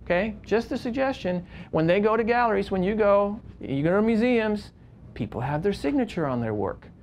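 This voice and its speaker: A man's voice: high-pitched, lively intonation, normal speed, a little mellow, a little hiss or hum. Passionate man teaching a workshop. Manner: passionate, emphatic storyteller. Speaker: wedding photographer teaching a workshop. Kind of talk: live workshop talk. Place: room with an audience.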